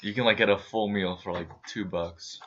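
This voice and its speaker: A man's voice: on the low side, fairly even intonation, normal speed, a bit bright, dull audio, slight background noise. A man co-hosting a casual travel recap, chiming in with jokes. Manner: joking, chiming in on his partner's lines. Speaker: co-host recapping a trip.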